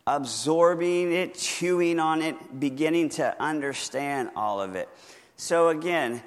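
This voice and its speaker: Man, pastor teaching, slightly high voice, earnest, encouraging, long hall echo. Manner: earnest, encouraging, often slows to stress words. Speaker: pastor teaching Bible reading. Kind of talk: teaching talk from a handout.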